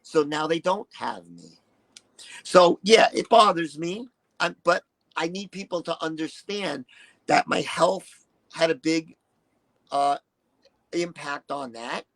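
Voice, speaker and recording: Man, 60s, high-pitched voice, retired stage act, candid and foul-mouthed interview guest. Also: slow, pauses often, low-quality recording. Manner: profane, animated, acts out quotes. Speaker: interview guest, retired shock-rock performer.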